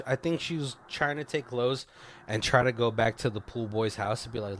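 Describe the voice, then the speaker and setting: A man in casual podcast talk, retelling a movie scene by scene and slipping into quick voices for the characters. His pitch sits in the middle of the male range, and he laughs often between lines. A faint hiss of noise runs under the recording. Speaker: podcast co-host. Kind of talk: casual film commentary chat.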